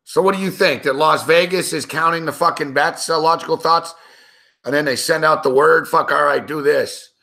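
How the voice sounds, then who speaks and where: A male sports betting host swearing and yelling at players during a game, then ranting at his viewers. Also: a little high, fairly even intonation, a little fast. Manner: angry, profane outbursts and shouting at the players; sarcastic, lecturing rant at viewers. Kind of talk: live reaction rant while watching a game.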